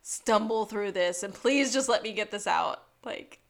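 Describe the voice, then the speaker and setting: A woman's voice: medium pitch, measured pace, gravelly. A woman co-hosting a podcast, chatting casually about a TV episode and laughing often. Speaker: podcast co-host. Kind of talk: casual recap chat.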